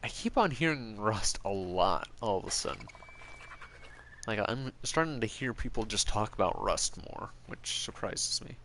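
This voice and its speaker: A man's voice: on the low side, expressive, moderate pace, fairly bright tone, slight background noise. A man streaming, rambling casually and with strong opinions as he answers viewers' chat. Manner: rambling, opinionated, full of fillers.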